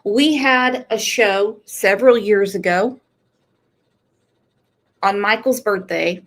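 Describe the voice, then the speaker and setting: A woman hosts a true crime show in an unhurried, earnest way, speaking straight to her viewers. Her pitch sits in a middle range and she takes her time over each thought. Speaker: true crime channel host. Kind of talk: casual commentary on a livestream.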